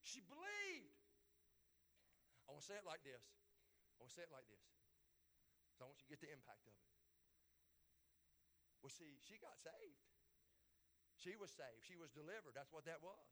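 A male preacher delivers a lively sermon with a high, ringing voice. He repeats phrases and climbs to excited exclamations. His tone is bright and forceful. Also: brisk, pauses often, a little hiss or hum. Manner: animated, repetitive, builds to exclamations.

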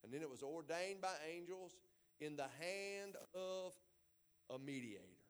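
A man, a pastor preaching a folksy Bible sermon and building to loud emphasis. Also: a little high, lively intonation, measured pace, clear, resonant tone.

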